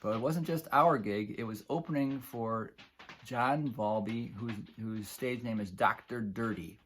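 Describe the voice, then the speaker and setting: A man's voice: medium pitch, unhurried, fairly bright tone, a little hiss or hum. Chuckling, rambling middle-aged storyteller man. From Buffalo area, New York. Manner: rambling, chuckling, many fillers. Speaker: musician telling a story. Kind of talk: casual spoken storytelling.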